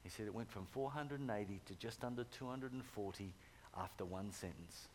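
A middle-aged pastor preaching a sermon, telling stories with animated swings from loud urging to hushed tones. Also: male voice, lowish voice, brisk, slight background noise.

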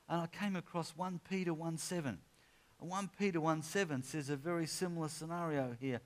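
A man preaching a sermon, telling a personal story in a chatty way and then rising into drawn-out, impassioned exhortation. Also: on the high side.

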